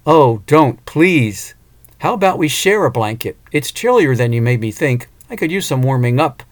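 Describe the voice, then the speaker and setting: A man's voice: medium pitch, expressive, moderate pace, close to an everyday voice. A man voicing a flirtatious traveling fortune-teller woman, teasing and playful, raising his voice for her. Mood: flirty.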